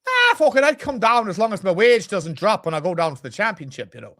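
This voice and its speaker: A man's voice: high-pitched, big pitch swings, fast talker, bright, forceful tone, exaggerated voice. A man doing a cocky Irish football boss. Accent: Irish, put on. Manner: boastful, rambling, heavy swearing. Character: cocky swearing Irish male football manager. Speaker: co-host. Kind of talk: comedic impression in podcast banter.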